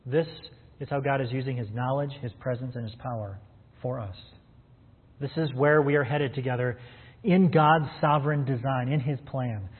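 A man's voice: medium pitch, normal speed, slightly rough. A man preaching a sermon as a pastor, earnest and calling his listeners friends. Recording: phone-like sound in a reverberant hall.

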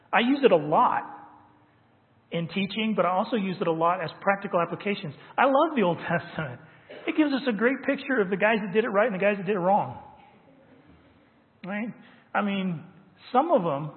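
A man preaching a sermon as pastor, emphatic and stressing key words. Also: sits high. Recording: tinny phone-like sound with long hall reverb.

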